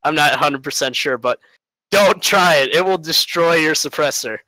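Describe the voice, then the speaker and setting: Bright-voiced man rambling through a debate. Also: on the high side, moderate pace, no room sound, rough recording. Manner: rambling, with many fillers and nervous laughs. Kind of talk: casual informal debate.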